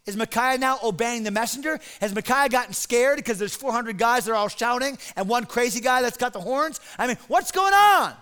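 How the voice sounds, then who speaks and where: A male pastor preaching a sermon in an animated, dramatic, conversational way. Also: very high-pitched, fairly quick, hardly any pauses, clean tone.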